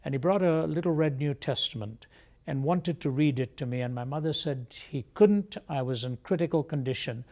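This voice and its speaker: A man as an interview guest, telling a personal testimony in a measured, reflective way. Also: a little high, a little mellow. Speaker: guest speaker.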